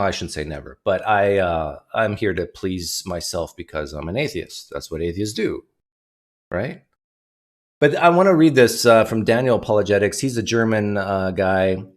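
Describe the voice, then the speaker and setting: Man, livestream host, low voice, animated, casual monologue. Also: moderate pace. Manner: animated, reads donation messages aloud.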